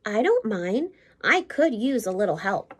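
A woman reading as a kind older boy cub from a storybook, patient and gentle as he explains. The voice stays close to an everyday woman's. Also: medium pitch, sing-song, measured pace, slightly rough. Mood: cheerful.

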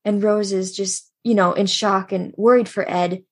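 Slightly husky woman retelling a story. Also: medium pitch, normal speed. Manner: animated storyteller, acts out quoted lines, laughs often. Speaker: podcast co-host. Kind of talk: casual chat retelling manga scenes.

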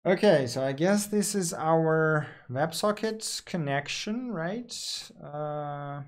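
A man's voice: on the high side, lively intonation, slow. A man talking through live coding on screen, thinking aloud with fillers and self-corrections.

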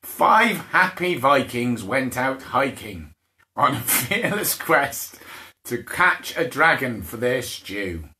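A man hosts a live-streamed bedtime story for small children, reading aloud playfully with laughter and made-up character voices. His medium-pitched voice is very animated, slow, bright, and forceful. It's picked up by a phone or camera mic for the stream.

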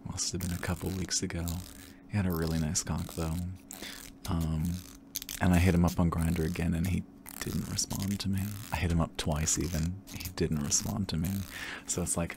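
A man rambling candidly and campily in a relaxed ASMR chat, drifting into soft whispers, tired and a little tipsy. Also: deep voice, moderate pace, creaky, slight background noise. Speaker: ASMR creator.

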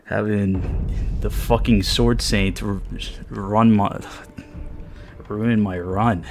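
A man's voice: on the low side, steady tone, extremely slow, pauses often, a little mellow, slight background noise. A man giving gameplay commentary, swearing often and muttering in exasperation. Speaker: gamer. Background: game music.

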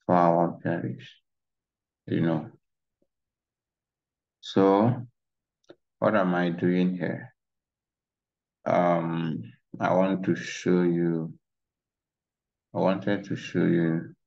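Slow deep-voiced man, gravelly. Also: a little mellow. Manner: rambling, conversational, repeats "you know". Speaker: trading instructor. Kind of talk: casual screen-share tutorial. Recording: dull lo-fi mic.

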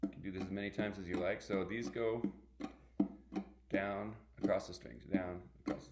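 Guy teaching uke strums, lowish voice, saying down up tap out loud, roomy echo, lots of ukulele. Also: moderate pace, loud music behind the voice. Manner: relaxed, counts and vocalizes strum patterns. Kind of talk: online music workshop lesson. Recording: echoey room with ukulele playing.

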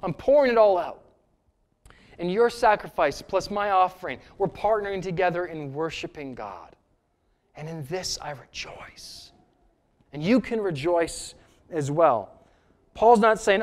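A man's voice: sits high, lively intonation, unhurried, pauses often. A male pastor with a Canadian accent preaching a sermon in an earnest, emphatic way, repeating key phrases for stress. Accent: Canadian English.

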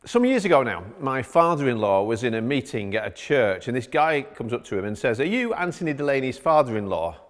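A man's voice: medium pitch, very animated, brisk, hardly any pauses. A middle-aged man, preaching as a pastor who tells a personal story in a conversational way. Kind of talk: sermon. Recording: long hall reverb.

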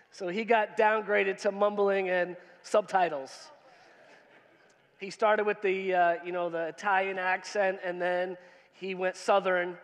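A man preaching a sermon to his congregation in a casual, joking way, quizzing them and reading scripture. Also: sits high. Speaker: pastor. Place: church hall. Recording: long reverb in a church hall.

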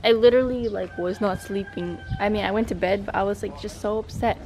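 A woman's voice: fairly even intonation, brisk. A young woman vlogging at home, chatting casually and scolding her dogs. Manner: scolding dogs, rising to high exasperated calls. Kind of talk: casual vlog chat. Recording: noisy home recording.

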